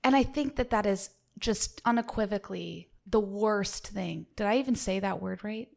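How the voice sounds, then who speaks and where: A young woman in her twenties with a gravelly, creaky voice talks as a podcast guest. She rambles, runs her words together and trails off mid-thought. She pokes fun at herself throughout. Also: medium pitch, normal speed, darkish tone. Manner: rambling, self-deprecating, trails off mid-sentence. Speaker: co-host candidate, guest. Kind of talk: casual podcast interview.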